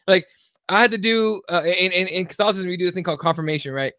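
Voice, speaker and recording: A man co-hosting a casual comedy podcast, telling stories with plenty of swearing and lively energy. His voice sits somewhat high for a man. The recording is dry and close, with no room sound. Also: fairly quick, no room sound. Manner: profane, animated storyteller. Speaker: co-host.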